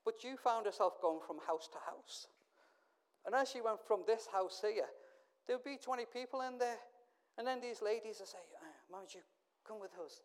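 Preaching with a clean tone, a middle-aged man from England tells stories at a moderate pace in a voice that sits high. His delivery moves from hushed asides to loud, emphatic calls.

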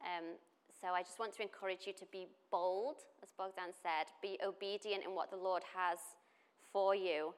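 A woman's voice: lowish voice, steady tone, normal speed, clear, resonant tone. A woman giving a conversational sermon at a church meeting, full of chatty asides and restarts. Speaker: church speaker.

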